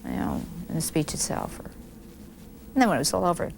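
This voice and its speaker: Gravelly-voiced woman recalling stories. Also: sits low, normal speed, noisy background. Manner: candid, animated storytelling with frequent restarts. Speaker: interviewee. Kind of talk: reflective interview recollection.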